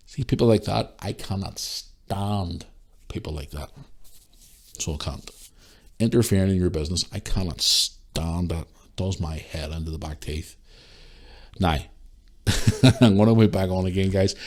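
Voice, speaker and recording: A young man, hosting a podcast and telling a story in an animated, swearing rant. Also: sits low, moderate pace, long pauses. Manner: animated ranting, swears freely. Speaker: podcast host. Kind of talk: casual storytelling monologue.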